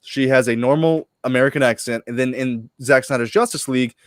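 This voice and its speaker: A man's voice: medium pitch, brisk, no room sound, studio quality. A man hosting a casual podcast chat, joking and swearing freely. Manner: animated, profane, joking. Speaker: podcast host.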